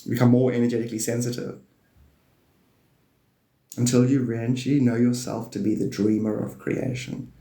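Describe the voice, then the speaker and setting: A man hosting a live stream, rambling playfully about spirituality and now and then jumping into high excited bursts. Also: moderate pace, creaky, pauses often. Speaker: livestream host. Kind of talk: rambling spiritual livestream talk. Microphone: phone or desk mic on a live stream. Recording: echoey room.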